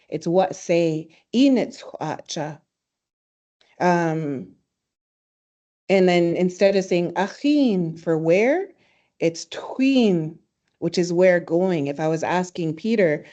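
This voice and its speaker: A woman teaching a language in a webinar, speaking warmly and reflectively, telling stories and laughing easily. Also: fairly low pitch, expressive, slow. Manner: warm, storytelling, laughs easily. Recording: slightly dull webinar audio.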